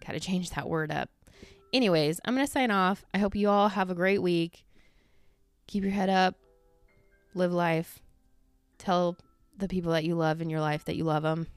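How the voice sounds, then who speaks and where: Woman podcast host, casual rambling talk, smooth lowish voice, dry close sound. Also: steady tone, normal speed, long pauses, dry recording, faint music behind. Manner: rambling, filler-heavy, swears casually. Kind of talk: casual solo chat. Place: at home.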